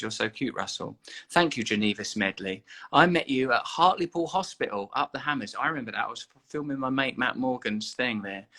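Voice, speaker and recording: A man hosting a live video chat, teasing and then warmly encouraging a young caller. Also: mid-range voice. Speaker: host of an Instagram live chat. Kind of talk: casual live-stream chat.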